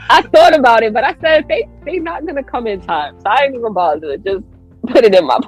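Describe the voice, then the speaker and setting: A woman guest on a podcast telling a story in an animated way. She acts out her own lines with big jumps in pitch and laughs often. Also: brisk, slightly rough, faint music behind, poor audio.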